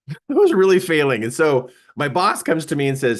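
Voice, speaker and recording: A fast-talking man with a voice on the high side gives a live seminar talk built around a personal story. He's animated, laughing often and acting out what people said.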